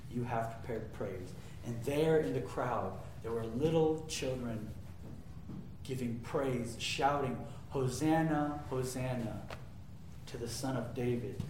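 A fairly high-voiced man preaching a sermon with emphatic swings between loud declarations and quiet asides, and he asks his listeners rhetorical questions. He stands some way from the microphone in a church sanctuary that echoes heavily, with a faint hum of room ambience behind him. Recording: very echoey room, mic far off.

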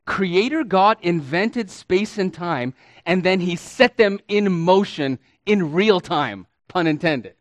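Pastor guy preaching slow, stretches words for emphasis, calls folks beloved. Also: high-pitched, expressive, no room sound. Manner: deliberate teaching, stretches key words for emphasis; addresses listeners as beloved and friends. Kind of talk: sermon.

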